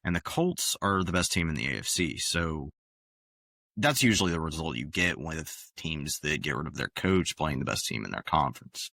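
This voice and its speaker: Deep, bright-toned podcast man. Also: very animated, normal speed, creaky, dry recording, studio quality. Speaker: podcast co-host. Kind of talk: casual sports chat.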